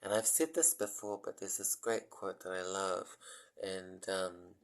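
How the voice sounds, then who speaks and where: A man speaks in a lowish, soft voice, giving a gentle spiritual talk about mantra meditation. He moves very slowly, pausing often and filling gaps with ums. His tone stays apologetic and unhurried throughout. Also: fairly even intonation, low-quality recording. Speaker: meditation teacher.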